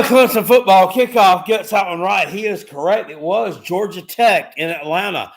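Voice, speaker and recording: A man hosting a live stream, asking trivia questions in a casual, excitable way, swearing now and then and often repeating himself. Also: on the high side. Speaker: livestream host.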